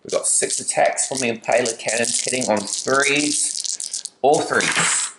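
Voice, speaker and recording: A man's voice: mid-range voice, a little slow, roomy sound, noisy background. Chatty man narrating a tabletop battle. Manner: casual, chatty, with playful asides. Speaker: battle report host. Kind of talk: tabletop game commentary.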